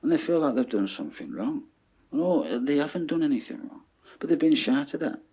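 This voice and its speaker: A man ranting in an animated monologue, swearing and checking in with "yeah?". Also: a little high, brisk, slightly rough. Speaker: vlogger.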